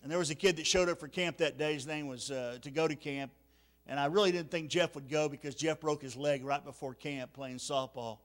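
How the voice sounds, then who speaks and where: A man preaching at a church revival, telling a story with emotion, often repeating words and dropping very quiet at the sad parts. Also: on the high side, fairly even intonation, fairly quick. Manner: emotional, repeats words, drops to near-whisper at sad moments. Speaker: evangelist. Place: church sanctuary.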